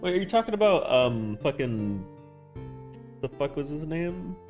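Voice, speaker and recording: A man's voice: a little high, very animated, a little slow, darkish tone, soft background music. A man streaming live, chatting casually and rambling, swearing often and answering his chat. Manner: rambling, profane, talking back to chat.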